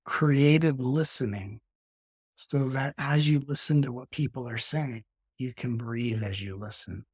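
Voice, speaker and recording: A middle-aged man, a spiritual teacher, talking reflectively in an interview and slowing his speech to show calm breathing. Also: husky, dry recording, studio quality. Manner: slows down and softens to demonstrate calm breathing; acts out quoted arguments with sudden rises in pitch.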